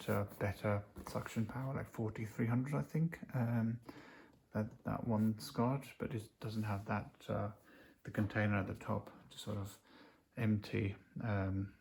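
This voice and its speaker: A man's voice: lowish voice, flat delivery, normal speed, gravelly, a little mellow. A man casually unboxing a gadget, rambling with many fillers as he reads the specs off the box aloud. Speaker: unboxing vlogger. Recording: noisy home recording.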